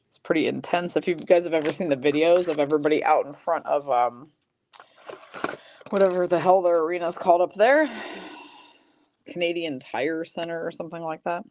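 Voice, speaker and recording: Low-voiced woman calling card break hits. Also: brisk, darkish tone, a little hiss or hum. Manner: rattles off player and team names, chatty asides to viewers. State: coughing and clearing her throat. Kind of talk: live-stream card break commentary.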